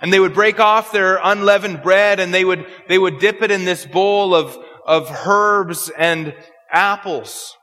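A man's voice: high voice, a little slow, sharp tone. A man preaching an expository sermon, earnest and prone to repeating words as he searches for phrasing. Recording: long hall reverb.

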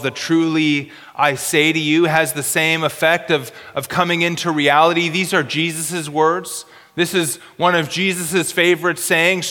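A man preaching an expository sermon in an earnest way, slowing down for emphasis and often repeating words. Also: on the high side, bright, forceful tone, in a large hall.

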